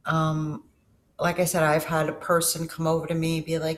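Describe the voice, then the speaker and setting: A woman's voice: low-pitched, monotone, normal speed, slight background noise. A middle-aged woman telling personal stories to her viewers in a casual vlog, candid and emotional, swearing freely and often trailing off and restarting her sentences. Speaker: vlogger. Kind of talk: casual personal storytelling to camera.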